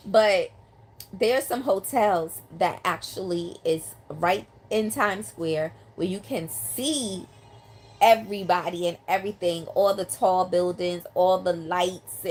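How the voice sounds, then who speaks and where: A woman's voice: on the low side, a little slow, slight background noise. An older woman, chatting on a live stream, reading out viewer comments with lots of ums. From New York City. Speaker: live streamer, line dance teacher. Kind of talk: casual live-stream chat. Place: home in South Carolina. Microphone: phone or handheld mic.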